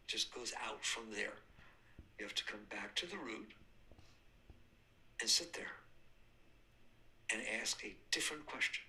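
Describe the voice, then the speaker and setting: A man's voice: lowish voice, lively intonation, unhurried, creaky, long pauses, sharp tone, a little hiss or hum, poor audio. An older man giving a spiritual talk, emphatic, repeating points and answering his own questions. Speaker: spiritual teacher.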